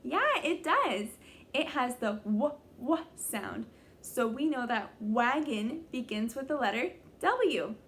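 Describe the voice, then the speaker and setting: A young woman teaching young children a phonics lesson, sounding out letters slowly and praising them often. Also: on the high side, big pitch swings, a bit bright. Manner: slow, exaggerated sounding-out of letters; encouraging, praising. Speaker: kindergarten teacher.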